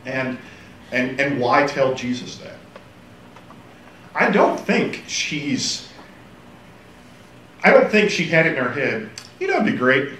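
A man teaching a casual Bible class, animated and joking, acting out quotes. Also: medium pitch, takes it slowly, pauses often, recorded from a distance. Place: church classroom. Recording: echoey room, faint hiss.

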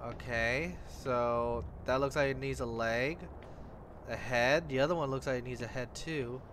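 A man's voice: mid-range voice, steady tone, a little slow, a bit bright, a little hiss or hum. A man giving casual let's-play commentary on a horror game, talking to himself and swearing when startled. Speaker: gamer playing a horror game.

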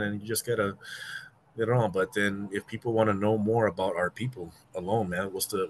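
Laid-back American Samoan man, lowish voice. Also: fairly bright tone, a little hiss or hum. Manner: laid-back, slangy, keeps saying "man". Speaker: podcast guest. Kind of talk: casual chat.

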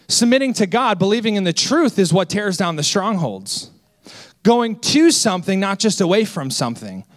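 High-voiced young male pastor preaching. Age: 20s. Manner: energetic, storytelling with self-deprecating humor. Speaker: senior associate pastor. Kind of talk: sermon.

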